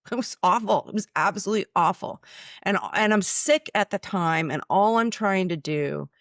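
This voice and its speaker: A woman's voice: low voice, creaky, no room sound, studio quality. A woman speaking bluntly and emotionally about her own illness, filmed in her office. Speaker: chiropractor and author. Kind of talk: personal testimony.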